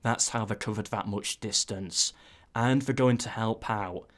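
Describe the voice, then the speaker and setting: A man giving casual play-by-play commentary on a strategy game, breaking into excited asides. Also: lowish voice, unhurried. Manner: excitable, frequent "ooh"s and asides.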